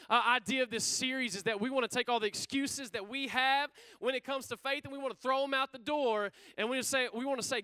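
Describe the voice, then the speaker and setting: A man's voice: very high-pitched, sharp tone. A young man preaching a fervent sermon as pastor, calling out to his congregation. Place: church sanctuary.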